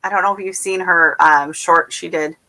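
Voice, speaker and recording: A woman hosting a relaxed home livestream for her gardening channel. Her voice sits a little low yet rings bright and forward. She rambles warmly, with lots of "um"s, "you know"s and restarts as she chats with viewers. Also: moderate pace. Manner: rambling, warm chatter full of fillers and restarts. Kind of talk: casual livestream chat, reading viewer comments.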